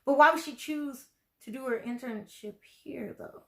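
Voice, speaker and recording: A woman with a slightly high voice talks through her reaction to a TV episode. She rambles loosely, leaning on "like" and "you know" as she thinks aloud in casual commentary. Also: normal speed, creaky. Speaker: video reactor.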